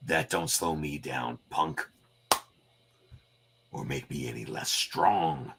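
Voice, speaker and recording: A man voicing a gruff, tough male mutant brawler in a comic read-through, growling his taunts low. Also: slow pace, noisy background, full character voice. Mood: scornful.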